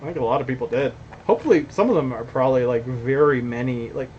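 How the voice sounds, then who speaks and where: A man's voice: mid-range voice, fast, dull audio, a little hiss or hum. A young adult man giving blunt, rambling commentary on a stream, reading chat and swearing casually. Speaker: company founder hosting a stream.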